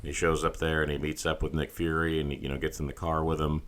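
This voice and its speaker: A man's voice: extremely low pitch, level tone, quick pace, a bit bright. A man co-hosting a podcast, casually retelling a film's scenes and acting out the characters' lines. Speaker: podcast co-host. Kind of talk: casual movie review chat.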